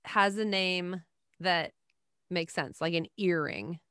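A woman co-hosting a casual chat show, playful and full of quick wordplay questions, laughing often. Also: on the low side, a bit bright, smooth, no echo, clean studio sound.

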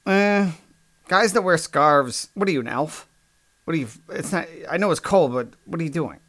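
A man's voice: on the high side, normal speed, fairly bright tone. Sarcastic man on a crude comedic rant. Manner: sarcastic, crude, exasperated ranting. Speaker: podcast host.

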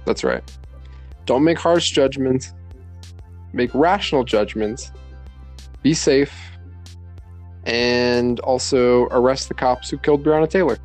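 A man's voice: mid-range voice, takes it slowly, long pauses, a little mellow, faint music behind. Easygoing male podcast co-host. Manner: easygoing, laughs along. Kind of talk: casual chat.

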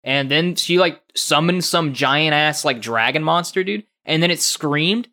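A young man co-hosting a casual gaming podcast, animated and laughing often, with lots of fillers and restarts. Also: on the high side, unhurried. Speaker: podcast co-host.

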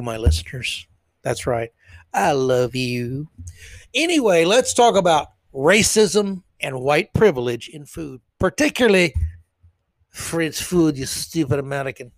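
A man hosting a solo commentary podcast in a sarcastic, blunt, rambling way. His voice sits fairly high for a man. The recording is dry, with no room sound. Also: no room sound. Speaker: podcast host.

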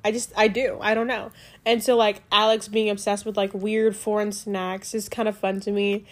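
A young woman chatting casually about a book she loved, rambling and excitable, full of "like" fillers, recorded on a home mic. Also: mid-range voice, moderate pace. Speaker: book reviewer. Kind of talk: casual book review chat.

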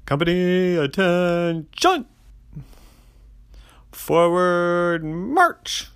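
A storyteller voicing a bossy grape sergeant who shouts drill commands in a storybook tale. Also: medium pitch, animated, very slow, clear, resonant tone, pitched above the performer's own voice, exaggerated voice. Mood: commanding.

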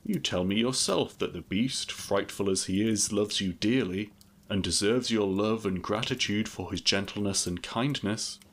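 A man voicing a thoughtful, measured older father in a storybook reading. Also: lowish voice, fairly bright tone. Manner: measured, considered.

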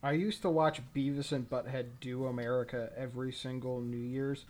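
A man's voice: mid-range voice, steady tone, normal speed, darkish tone. A man co-hosting a podcast, telling self-deprecating stories in casual chat. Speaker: podcast co-host.

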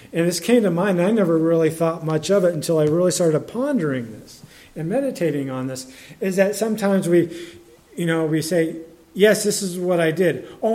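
Preacher, male, slightly higher-pitched voice, loose and chatty delivery full of restarts. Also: warm tone. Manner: conversational, halting, many restarts and fillers; reads scripture in older English. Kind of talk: sermon.

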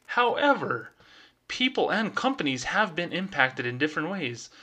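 A man's voice: a little high, sing-song, normal speed, sharp tone, voice pushed up, exaggerated voice. A man putting on a polished, formal professional voice to play a corporate bank executive reading out a letter. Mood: formal, measured.

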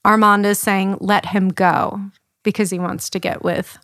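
A woman's voice: medium pitch, level tone, measured pace, a bit bright, dry recording, studio quality. Chatty young woman podcast co-host. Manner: chatty, laughs often, recounts plots with quoted asides. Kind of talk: casual chat.

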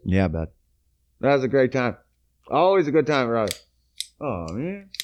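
A man's voice: mid-range voice, sing-song, moderate pace, highs cut off, a little hiss or hum. A man rambling through a casual comedic monologue, swearing freely and joking at his own expense. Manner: rambling, profane, self-mocking.

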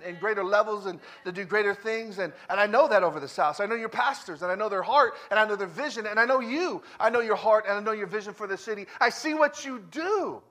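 A man with a high voice, in his thirties or forties, preaches as a guest in a conversational style, weaving in personal stories. He repeats phrases with emphasis and shifts between loud declarations and hushed, quiet stretches.

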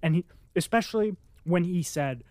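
Excitable reader chatting about a novel. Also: medium pitch, moderate pace, no echo. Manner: excitable, many filler "like"s, acts out its own reactions. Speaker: reader of a classic novel, then commentator. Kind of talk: reading aloud, then casual book commentary.

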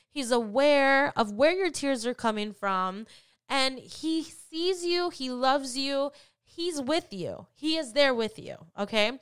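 A woman's voice: high-pitched, pushed and bright, clean tone. A woman hosting a faith podcast, talking in an earnest, encouraging way and often repeating phrases for emphasis. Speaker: podcast host.

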